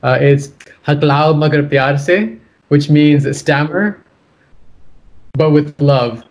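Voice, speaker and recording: A man's voice: fairly high pitch, takes it slowly, a little mellow. A man, repeating words as he stutters on a casual video call. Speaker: co-guest.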